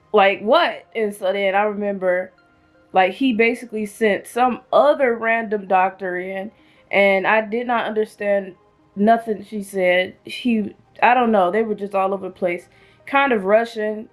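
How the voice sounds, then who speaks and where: Young woman, chatty storytime vlog, mid pitch, faint music behind. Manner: chatty, animated, acts out quotes with raised pitch. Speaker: vlogger telling a personal story. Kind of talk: casual storytime chat.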